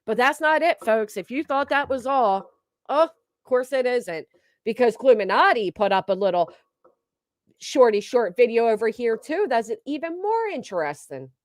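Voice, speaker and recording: High-voiced woman ranting mockingly. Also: expressive, normal speed, no echo, clean studio sound. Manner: blunt, mocking, swears heavily. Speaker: commentary streamer. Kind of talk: profane reaction commentary.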